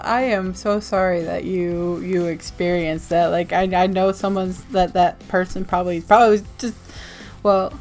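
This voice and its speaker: A woman vlogger sharing zines from her mail in casual chat, bubbly and gushing with frequent giggles. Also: mid-range voice. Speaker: zine reviewer vlogger.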